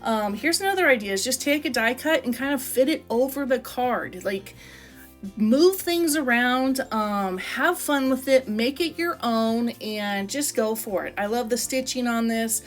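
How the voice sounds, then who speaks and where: A woman's voice: a little high, animated, measured pace, soft background music. A woman vlogger chatting enthusiastically as she flips through her craft book and shows how she puts pages together. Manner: chatty and enthusiastic, lots of "I love" and "like". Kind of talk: casual craft flip-through chat.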